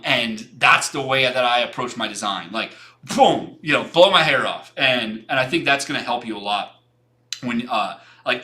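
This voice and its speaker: Bright-voiced man rambling on a livestream. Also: mid-range voice. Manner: rambling and frank, with many restarts and casual swearing. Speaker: design livestream host reviewing portfolios. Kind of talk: casual livestream commentary.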